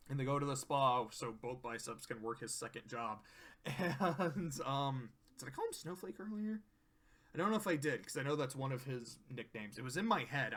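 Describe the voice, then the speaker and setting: A man's voice: mid-range voice, brisk, a bit bright. A man casually reviewing cartoon episodes, rambling, laughing often and swearing.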